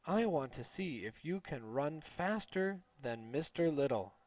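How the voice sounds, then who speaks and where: A man's voice: a little high, lively intonation, unhurried, no echo. Nice cheery teacher woman praising kids, man voicing her, dry storybook read. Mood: cheerful. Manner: warm, encouraging. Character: cheerful friendly young female substitute teacher.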